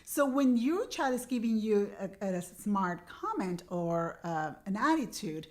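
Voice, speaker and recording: A woman's voice: mid-range voice, animated, unhurried. A woman in her forties, mother of teenagers, hosting a parenting advice show in an earnest, coaching way that repeats its key points. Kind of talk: direct-to-camera parenting advice.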